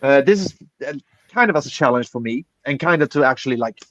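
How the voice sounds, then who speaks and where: A man's voice: mid-range voice, animated, fast talker, a bit bright, no echo. A man hosting a casual livestream chat, rambling with lots of fillers and swearing freely. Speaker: podcast host. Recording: dull lo-fi dry sound.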